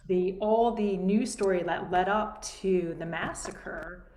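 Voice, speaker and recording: A woman co-hosting a conversation, halting and soft, trailing off and restarting her sentences. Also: medium pitch. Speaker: co-host. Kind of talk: casual chat. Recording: echoey room, faint noise.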